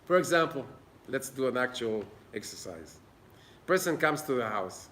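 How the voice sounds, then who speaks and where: A man's voice: medium pitch, animated, moderate pace, a bit bright. A man giving an informal Torah class in an old synagogue, earnest and plain-spoken. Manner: earnest, plain-spoken, acts out little dialogues. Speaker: Torah teacher.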